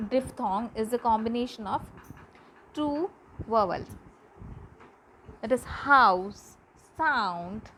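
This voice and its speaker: A woman's voice: fairly high pitch, a little hiss or hum, poor audio. A woman teacher, giving a pronunciation lesson and carefully repeating example words.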